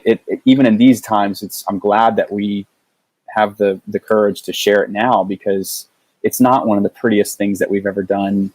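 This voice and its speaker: Guy on a podcast telling a long story, kinda low voice, lots of um and restarts, dry close mic. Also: darkish tone, slightly rough, no echo, poor audio. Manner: halting, many restarts and fillers. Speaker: podcast guest. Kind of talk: casual storytelling.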